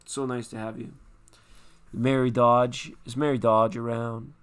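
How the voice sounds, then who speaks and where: A man talks through tarot readings on a live stream in an easy, chatty way. He reassures each viewer and greets them by name. His voice is smooth and clear, sitting at an everyday middle pitch. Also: flat delivery, a little slow.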